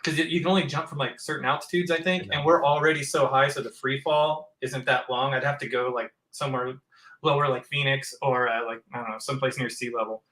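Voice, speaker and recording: Bright-voiced man in a roomy space. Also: medium pitch, fairly even intonation, brisk. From northern Arizona. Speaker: podcast host. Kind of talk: casual chat.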